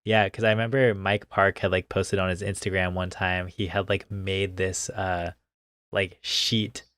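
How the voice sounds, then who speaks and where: A man interviewing a guest in casual chat, relaxed and slangy, with lots of "like". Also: sits low, unhurried, smooth, no echo.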